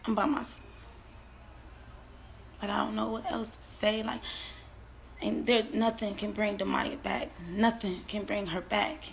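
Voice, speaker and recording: A bereaved mother giving an emotional personal account, tearful and halting, often repeating her words and trailing off. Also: mid-range voice, little pitch movement, gravelly, slight background noise. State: tearful, on the verge of crying.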